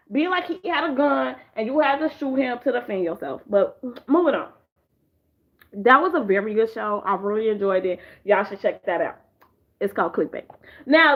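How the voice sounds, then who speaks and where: This high-pitched woman, a vlogger in a chair at home, recaps TV shows while cussing constantly. It's casual, profane storytelling, full of animated squeals as she plays the characters, captured in muffled lo-fi sound.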